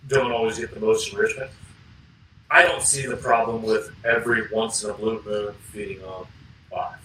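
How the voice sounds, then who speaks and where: A man co-hosts a casual podcast in a relaxed, rambling manner and sometimes gropes for words. His voice is bright and sits a little back from the mic in a roomy, echoey space. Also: on the low side, slight background noise. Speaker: podcast co-host. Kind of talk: casual chat. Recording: roomy, mic a bit distant.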